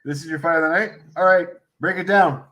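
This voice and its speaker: A man's voice: fairly high pitch, quick pace, sharp tone. A man co-hosting a casual fight-picks chat, teasing his partner with short remarks. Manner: teasing, brief interjections. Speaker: podcast co-host.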